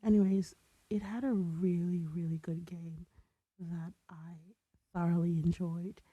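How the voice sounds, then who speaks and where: A young woman co-hosting a podcast in casual chat, rambling as she searches for details, often dropping into breathy asides. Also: fairly low pitch, steady tone, measured pace, no echo, lo-fi sound. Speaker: podcast co-host.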